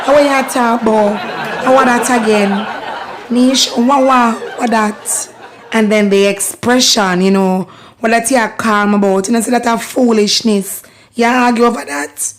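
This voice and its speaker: A Jamaican woman with a hoarse voice hosting a casual patois lesson, chatty and laughing as she repeats phrases for learners. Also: fairly high pitch, fairly even intonation, a little slow, a faint crowd. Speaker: host teaching patois.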